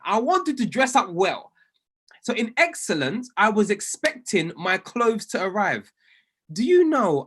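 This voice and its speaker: A man gives a motivational talk to a room of traders, his pitch leaping and dipping all through. He leans on repetition and emphasis the way a preacher would, building each point as a story. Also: a bit bright, husky. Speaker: trading coach.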